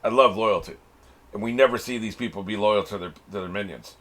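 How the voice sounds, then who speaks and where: A man's voice: lowish voice, brisk, a bit bright. A man hosting a reaction channel, giving casual commentary on an anime episode, laughing often and swearing freely.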